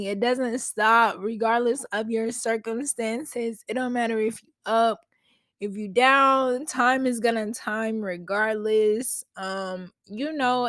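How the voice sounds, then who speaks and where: Talking straight to her audience, a woman runs a laid-back solo podcast from her home, chatty and full of slang, using a podcast mic hooked up to a laptop. Her voice runs a little high, with no room sound at all.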